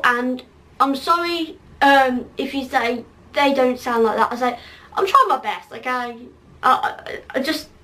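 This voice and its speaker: High-voiced hesitant woman vlogger. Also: fairly bright tone, recorded from a distance. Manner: hesitant, apologetic, self-critical. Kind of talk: casual vlog.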